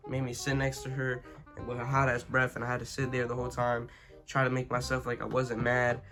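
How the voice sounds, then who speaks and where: A young man tells a story about school in a loose, rambling way, swearing freely and checking in with his listeners. His voice sits at an ordinary middle pitch for a man. A soft guitar track plays faintly behind him. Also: monotone, a little fast. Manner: rambling, profane, full of "you know what I'm saying". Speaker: vlogger. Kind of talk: casual storytime.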